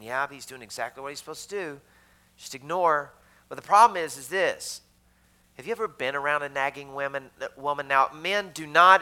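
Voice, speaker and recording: Bright-voiced man preaching conversationally. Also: fairly high pitch, low-quality recording. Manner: conversational, jokey asides to the congregation. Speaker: pastor. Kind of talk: sermon.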